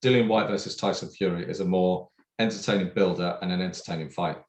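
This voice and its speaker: A man's voice: deep voice, fairly even intonation, fast talker, darkish tone. A man co-hosting a casual podcast chat, hesitant with many fillers and restarts. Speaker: podcast co-host.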